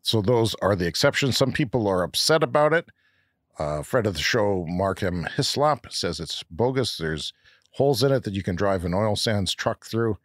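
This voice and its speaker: A man's voice: on the low side, animated, moderate pace, dry recording, studio quality. A Canadian man co-hosting a podcast, reading news and letters in a wry, joking manner. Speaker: podcast co-host. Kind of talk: casual podcast chat.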